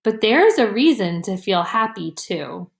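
A woman voicing an old, tired station master who speaks quietly and sorrowfully in a storybook reading. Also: mid-range voice, very animated, measured pace, vocal fry, reverberant. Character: old, weary male station master, kindly.

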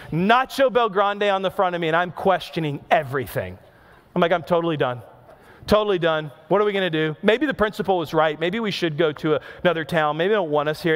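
A man in his thirties, a pastor preaching a sermon, telling a personal story with animated, self-mocking asides. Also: on the high side.

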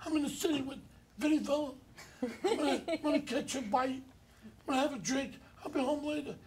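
A man's voice: very high voice, brisk, a little hiss or hum, pitched above the performer's own voice. A man doing an impression of an older male friend, flustered and joking, in a raised voice. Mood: sly. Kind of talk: impression in anecdote.

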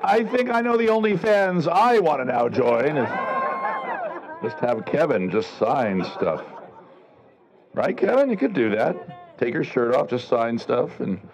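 A man's voice: mid-range voice, expressive, a little slow, lo-fi sound, crowd noise, background noise. A middle-aged man performing a live outdoor comedy show at a renaissance fair, teasing the audience with sarcastic banter and calling people over. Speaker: street comedian and juggler.

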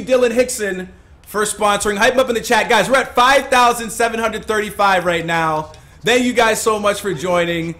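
Young man, gaming streamer, excitable, high-pitched, lively pitch, live commentary. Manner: excitable, yelling and laughing in bursts.

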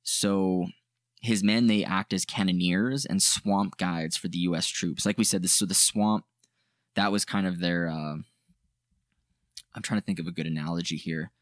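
A man's voice: low voice, moderate pace, dry recording, clean studio sound. A man co-hosting a podcast, telling history in a rambling, jokey way with lots of fillers. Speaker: podcast co-host. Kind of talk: casual history chat.

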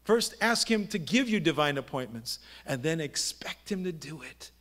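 A man's voice: on the high side, animated, moderate pace, fairly bright tone. A middle-aged man, a pastor, preaching a sermon in a conversational storytelling way, asking his listeners rhetorical questions. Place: church sanctuary.

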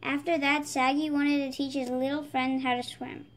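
A woman reading a children's picture book aloud, brightening her voice for the characters' lines. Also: sits high, level tone, moderate pace, slight background noise. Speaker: storybook reader. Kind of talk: children's read-aloud narration.

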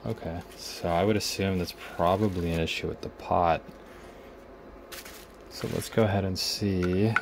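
This repair video host works on a guitar pedal at his bench, casually narrating his testing and troubleshooting. He speaks in a low, steady voice, unhurried, thinking aloud and trailing off mid-task. There's background noise behind him.

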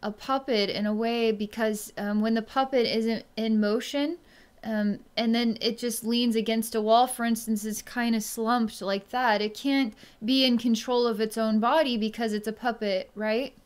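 A woman psychic speaks slowly and hesitantly, pausing often as she tunes in. Her voice is smooth and clear, and it stays soft and quiet as she works through the reading. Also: fairly high pitch, fairly even intonation. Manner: slow, hesitant speech with many pauses and fillers; soft and quiet when tuned in. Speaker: psychic energy healer. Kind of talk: solo reading monologue to camera.

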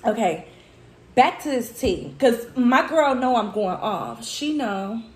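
A woman's voice: a little high, lively intonation, slow, darkish tone, reverberant. A woman speaking who vents about work in a heated, profane storytime chat, tearful at times. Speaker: food vlogger.

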